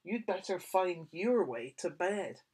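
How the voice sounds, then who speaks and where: A woman voicing the father in a picture book, speaking in a lowered, firm voice. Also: lively intonation, takes it slowly, a little mellow, breathy edge, full character voice. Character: gruff no-nonsense storybook dad.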